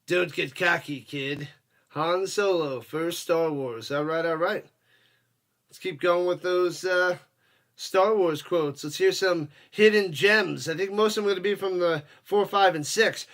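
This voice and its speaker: A man with a high, forceful voice calls the game live for his stream. He chats casually with viewers between plays and erupts into shouts when something big happens. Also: measured pace. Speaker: watch-party streamer and host. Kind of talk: casual live play-by-play commentary.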